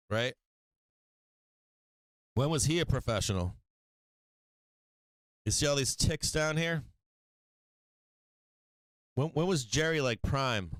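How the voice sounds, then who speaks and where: A man's voice: medium pitch, expressive, drawn-out words, pauses often, no room sound. A man hosting a live stock market stream, rambling and mocking, swearing often as he talks to his viewers. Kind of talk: casual profane market chat.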